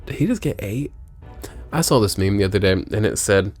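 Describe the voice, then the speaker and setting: A man commenting on a video game as he plays, joking and reading lines aloud, with loud exclamations and low mutters. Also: fairly quick, faint music behind. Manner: lively, jokey, swings between loud exclamations and low mutters. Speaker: gameplay streamer.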